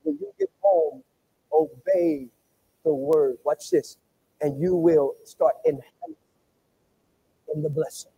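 A man preaching a sermon to his congregation, repeating phrases and swinging between loud calls and hushed asides. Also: fairly high pitch, sing-song, slow pace, creaky, pauses often, slightly rough, poor audio. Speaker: pastor. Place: church sanctuary.

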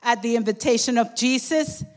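A woman preaching a sermon with fervor, often calling out to her congregation and at times shouting. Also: on the high side, moderate pace. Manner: fervent, calls out "come on" and "amen" to the congregation, sometimes shouting.

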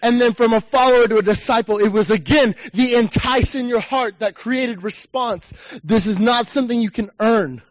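A man preaching a sermon in a church, animated and rising to shouts as he acts out a listener's inner voice. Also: extremely high pitch, moderate pace, no echo, poor audio. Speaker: pastor.

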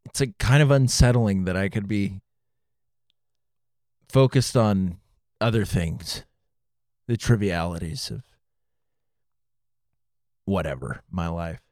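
A man's voice: deep voice, slow, long pauses, a little mellow, no echo, clean studio sound. A man co-hosting a faith podcast, musing thoughtfully and trailing off now and then. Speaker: podcast co-host.

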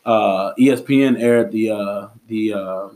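A man hosting a podcast in casual chat, talking in a relaxed, drawn-out way with many fillers and restarts. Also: lowish voice. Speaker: podcast host.

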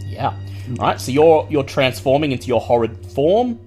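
A man's voice: mid-range voice, very animated, normal speed, darkish tone, slightly rough, faint music behind. Man narrating as game master. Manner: vivid, descriptive, explaining rules.

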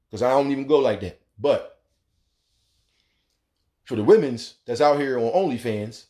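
A man hosting a talk radio show, delivering a blunt, profane monologue and acting out the voices he quotes. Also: mid-range voice. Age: adult, has a son.

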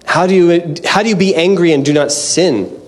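Man preaching conversationally, fairly high voice. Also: normal speed. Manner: conversational, animated preaching with self-deprecating asides. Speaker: pastor. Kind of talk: sermon.

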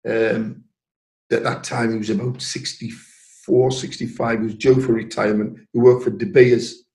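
A man's voice: mid-range voice, flat delivery, moderate pace, a little mellow. An older man, a former miner and trade unionist, telling stories in an interview, repeating words and acting out quotes. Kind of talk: storytelling in an interview. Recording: echoey room.

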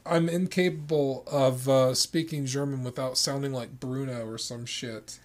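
A man's voice: medium pitch, steady tone, measured pace. A man co-hosting a casual chat, profane and given to mock-outraged rants. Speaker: podcast co-host.

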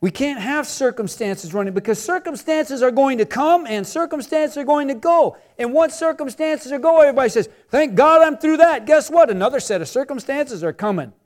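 A man's voice: extremely high pitch, expressive, brisk, hardly any pauses, a little mellow. A middle-aged man preaching a sermon as pastor, talking to his congregation in a conversational way with rhetorical questions and repetition.

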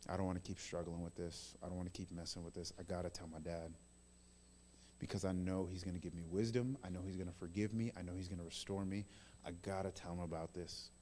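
A man murmuring as a hushed, resolved believer. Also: fairly even intonation, quick pace, slight background noise, lightly acted. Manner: low murmured self-talk. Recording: long reverb in a large hall.

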